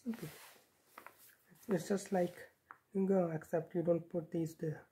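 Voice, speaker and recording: A woman's voice: lowish voice, steady tone, measured pace, mellow, slight background noise. A woman from Himachal Pradesh casually teaching a handwriting script at home, counting the strokes aloud as she writes. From Himachal Pradesh, India. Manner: talks while writing, counting strokes aloud. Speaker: script tutor.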